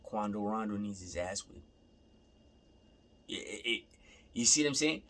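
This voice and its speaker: A man's voice: lowish voice, expressive, measured pace, fairly bright tone. A young man in a casual, rambling rant, repeating himself and swearing freely. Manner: rambling, repeats himself, profane, laughing asides.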